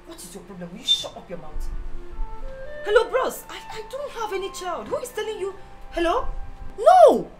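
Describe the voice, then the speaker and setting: A high, shrill mother snaps and denies in a jumpy, defensive rush, her pitch flying all over the place. Faint music plays underneath her film scene. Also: wildly swooping pitch, normal speed, heavily acted, poor audio. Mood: flustered. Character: flustered mother denying she has a child.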